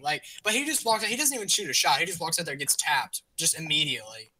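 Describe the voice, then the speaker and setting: A young man co-hosting a podcast, teasing his friend with animated gaming stories. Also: fairly high pitch, fast talker, few pauses. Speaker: podcast co-host. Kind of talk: casual gaming chat.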